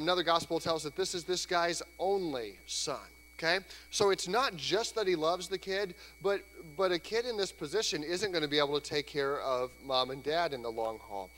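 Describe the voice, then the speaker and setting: A man preaching a sermon in a church, conversational and lively, sometimes acting out voices. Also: a little high. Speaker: pastor. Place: church sanctuary. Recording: church hall reverb, faint hum.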